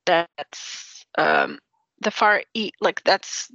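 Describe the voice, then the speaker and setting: A woman in casual conversation, explaining things step by step with pauses and restarts. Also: mid-range voice, pushed and bright, no room sound. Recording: dull lo-fi sound.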